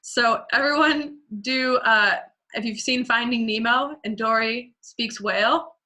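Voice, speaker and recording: Bright-voiced woman teaching singing. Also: on the high side, moderate pace. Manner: demonstrates sounds with sung vocal examples; relaxed and conversational, with fillers.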